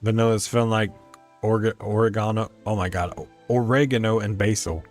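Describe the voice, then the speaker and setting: Fairly low in pitch, with even intonation and a darkish tone, a man talks briskly over soft background music. He's streaming a life-sim game, musing aloud in rambling commentary and fumbling pronunciations.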